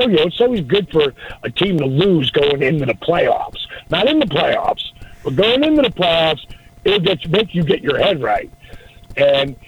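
A middle-aged man casually telling a story as a guest, animated and acting out the dialogue. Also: fairly high pitch, husky. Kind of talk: casual anecdote. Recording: dull lo-fi audio.

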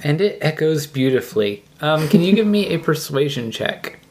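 A game master narrating a tabletop role-playing game in a calm, unhurried way. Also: mid-range voice.

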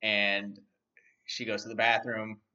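Low-voiced man rambling through a film recap. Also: flat delivery, slow pace, sharp tone. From not from London. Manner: rambling, lots of fillers and restarts. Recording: dull, distant mic.

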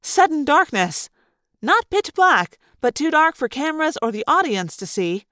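Animated woman reading a story aloud. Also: high voice, moderate pace, no room sound, clean studio sound. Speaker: audiobook reader. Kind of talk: first-person audiobook narration.

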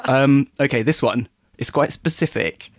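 A man's voice: medium pitch, a little slow, no room sound, studio quality. A man co-hosting a podcast, chatting casually while playing a word game, hesitant and giggly. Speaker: podcast co-host.

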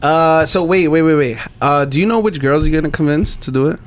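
A man's voice: a little high, brisk. A man hosting a podcast in casual chat, joking and cursing freely. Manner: loose, profane, joking. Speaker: podcast host.

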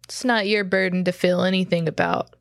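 A woman's voice: fairly low pitch, steady tone, brisk, no echo, clean studio sound. A woman playing a tabletop role-play game, speaking in a laid-back, coaxing way. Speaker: player.

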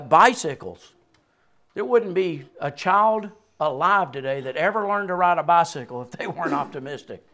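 A man in his sixties preaching a sermon, swinging between loud peaks and quiet drops and chuckling between points. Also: on the high side. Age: 60s. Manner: animated preaching with sudden rises and drops. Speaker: pastor.

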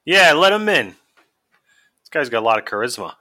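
A man's voice: mid-range voice, sing-song, normal speed, pushed and bright, no room sound, clean studio sound. A man with a Boston accent co-hosting a podcast, cracking blunt jokes and swearing as he watches old wrestling. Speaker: podcast co-host. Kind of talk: casual chat watching wrestling.

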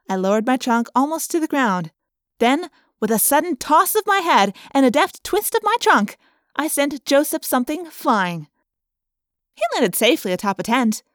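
A woman narrating a children's audiobook in a playful, expressive storytelling manner. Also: high-pitched, dry recording, clean studio sound.

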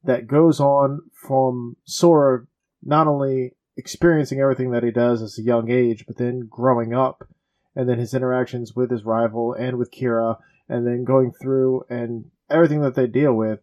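A man's voice: mid-range voice, fairly even intonation, normal speed, a little mellow, highs cut off. A man talking in casual chat, earnest and a little hesitant.

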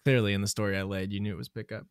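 A man's voice: on the low side, steady tone, very fast, clean tone, no echo, clean studio sound. A young man hosting a casual podcast chat, rambling and playful, often laughing at himself. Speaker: podcast host.

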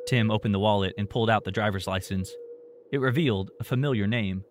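A man narrating a story in a steady, plain storytelling manner. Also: fairly low pitch, fast, a little hiss or hum.

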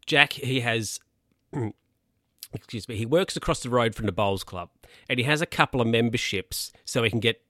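A man's voice: medium pitch, bright, forceful tone, no echo, studio quality. A man casually recapping a film, rambling with lots of fillers and asides.

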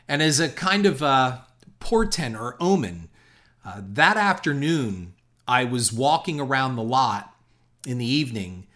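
Speaking at a medium pitch with a fairly bright tone, a middle-aged man hosting a podcast works through a lengthy personal story, musing and wandering and often starting over.

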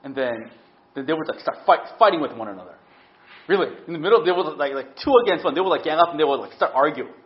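A man's voice: a little high, fast. A middle-aged man preaching a sermon as pastor, telling stories animatedly and often asking "right?". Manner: animated storytelling, frequent "right?" tag questions. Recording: dull lo-fi sound.

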